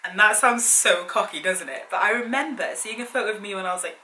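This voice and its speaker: Talking fast with hardly any pauses, this young woman's medium-pitched voice has a sharp tone. As a fitness and wellbeing vlogger, she delivers a chatty, earnest pep talk packed with direct challenges to viewers, recorded in an echoey room with faint hiss.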